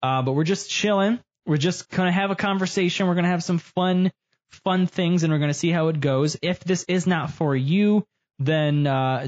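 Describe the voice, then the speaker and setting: A man hosts a loose, joking podcast chat, his voice sitting a little high. He drags out lines in mock-serious asides. The sound is muffled and lo-fi, like a cheap home microphone. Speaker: podcast host. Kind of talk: casual chat.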